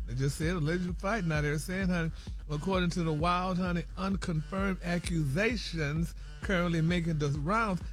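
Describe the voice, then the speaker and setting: Slow, whispery male radio gossip reporter. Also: high-pitched. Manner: slow, whispery, tiptoeing delivery; sprinkles in endearments constantly. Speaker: celebrity gossip reporter on a radio morning show. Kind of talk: radio morning show gossip segment. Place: radio studio.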